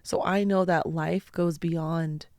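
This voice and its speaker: A woman hosting her own show, telling personal stories in an earnest, heartfelt way with slow, deliberate phrasing. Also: deep voice, fairly even intonation, a little mellow, no echo, clean studio sound. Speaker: podcast host. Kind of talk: personal storytelling talk.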